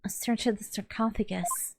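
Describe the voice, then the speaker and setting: A woman's voice: medium pitch, steady tone, normal speed, creaky, noisy background, natural voice. A woman reading a matter-of-fact young detective. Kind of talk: reading game dialogue aloud.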